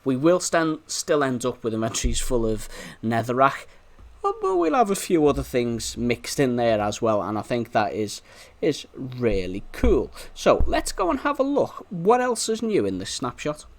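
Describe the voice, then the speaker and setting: Chatty Liverpool man with a lively voice. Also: medium pitch, moderate pace. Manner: chatty, rambling, talks to in-game animals. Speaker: gameplay video host. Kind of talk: casual gameplay commentary.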